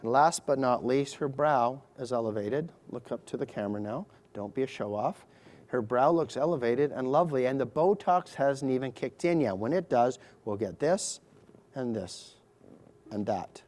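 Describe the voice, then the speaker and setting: A man's voice: medium pitch, expressive, normal speed, a little mellow. A middle-aged man, a surgeon, narrating a live procedure demonstration to an audience, explaining each step with chatty, joking asides.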